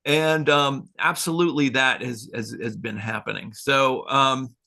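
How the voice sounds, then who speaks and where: A man's voice: medium pitch, steady tone, measured pace, creaky, bright, forceful tone. A man hosting a spiritual talk show, telling stories in a loose, rambling way with small chuckles. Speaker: podcast host.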